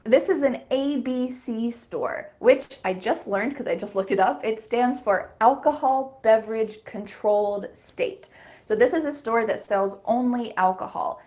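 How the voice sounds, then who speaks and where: A woman's voice: a little high, unhurried, a little mellow. An American woman guest giving plain, matter-of-fact explanations of everyday words. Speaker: guest answering questions.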